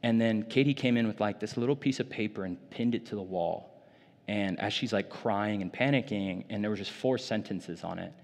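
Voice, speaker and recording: A man's voice: fairly low pitch, normal speed, in a large hall. A man preaching a sermon in a loose, conversational way, full of casual fillers, in a church. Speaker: pastor.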